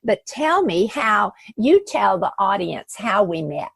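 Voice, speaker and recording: A woman's voice: medium pitch, very animated, slow pace, creaky, husky, no echo. A woman from the American South hosting a podcast interview, effusive and affectionate with her guest. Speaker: podcast host. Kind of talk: warm interview chat.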